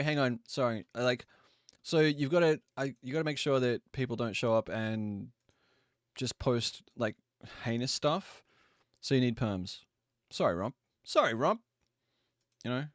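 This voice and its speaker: A man hosts a live stream, chatting with viewers in a casual, easygoing way, dropping quick asides and apologies. His voice is mid-range, and the audio is studio quality with no echo.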